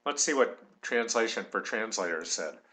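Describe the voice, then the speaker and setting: A man's voice: on the low side, lively intonation, moderate pace, pushed and bright. A man giving a recorded tutorial, thinking aloud as he works and dictating punctuation marks. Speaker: tutorial instructor.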